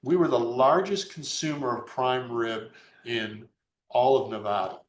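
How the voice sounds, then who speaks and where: Male guest, mid-pitched, animated storyteller acting out dialogue, roomy echoey sound. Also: a little slow, a little hiss or hum. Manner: animated, acts out dialogue with many voice shifts. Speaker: guest business executive. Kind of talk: storytelling in a conversational interview.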